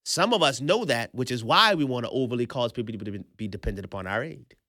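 Playful guy hosting a commentary show, swoopy lively voice, bright, dry close mic. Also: medium pitch, fast talker, no room sound. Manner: playful, repeats points emphatically, laughs often. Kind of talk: animated political commentary.

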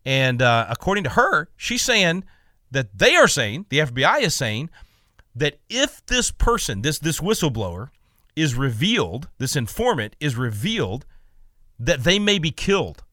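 A man's voice: a little high, sing-song, unhurried, sharp tone, dry recording, clean studio sound. A man hosting a talk radio show, giving emphatic, indignant commentary with frequent stammered restarts.

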